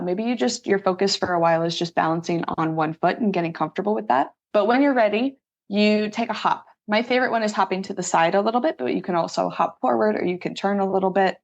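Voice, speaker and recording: A woman's voice: medium pitch, muffled recording. A woman strength coach explaining exercises step by step in a casual, upbeat interview. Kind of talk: conversational interview.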